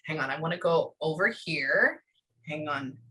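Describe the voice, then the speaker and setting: Bright-toned woman medium giving a reading. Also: deep voice, expressive. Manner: relays messages in bursts, often pausing with "hang on". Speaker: psychic medium. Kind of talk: one-on-one reading session.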